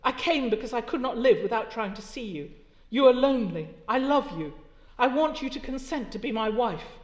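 A woman reading aloud the part of a lovestruck young doctor, pleading loudly and fervently, in an echoey lecture hall. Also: a little high, lively intonation, normal speed, lightly acted. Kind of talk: dramatic reading from a novel.

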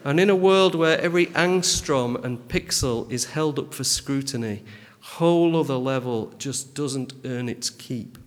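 A man reads a spoken critique in a measured, dry and pedantic way. His voice sits in an ordinary middle pitch. A long, lingering reverb trails after each phrase. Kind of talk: reading a literary critique aloud.

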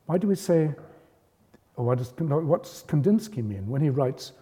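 A man gives a public lecture in a measured, explanatory way, raising his voice to emphasize key points. His voice is warm, mellow, a little high, and sing-song. The recording has the long reverb of a lecture hall.

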